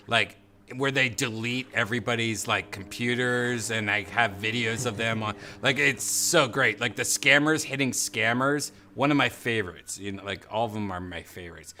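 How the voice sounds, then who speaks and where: A man's voice: mid-range voice, moderate pace, bright, forceful tone, slight background noise. A man hosting a casual podcast chat, rambling and acting out quotes in funny voices. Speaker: podcast host.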